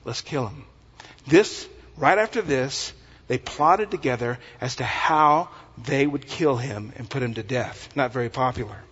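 A pastor from West Texas, preaching an animated, folksy sermon full of humor. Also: male voice, medium pitch, a little slow, breathy edge. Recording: echoey hall, dull lo-fi sound.

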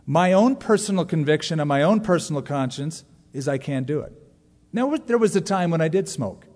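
A man in his forties preaching a sermon to a congregation, joking and animated, leaning hard into emphasis. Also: fairly high pitch, moderate pace. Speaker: pastor. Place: large church sanctuary. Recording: long reverb of a large church hall.

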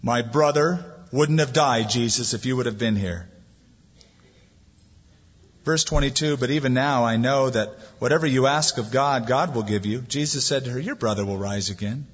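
A man preaching a sermon, animated as he acts out the voices in the story. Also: mid-range voice, normal speed, slightly rough. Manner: lively preaching, acting out quoted voices. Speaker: pastor. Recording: dull lo-fi sound, long hall reverb.

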